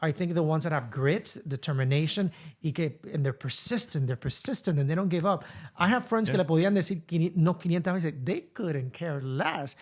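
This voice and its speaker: Lively bilingual man, high voice. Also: a little fast. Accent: Spanish. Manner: animated storytelling, mixing Spanish into English. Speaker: podcast co-host. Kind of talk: casual chat.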